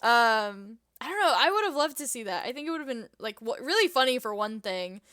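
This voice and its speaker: A woman's voice: fairly high pitch, very animated, brisk, bright, forceful tone, smooth, dry recording. A young woman co-hosting a fan podcast in casual chat, giggly and rambling with lots of ums. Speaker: podcast co-host.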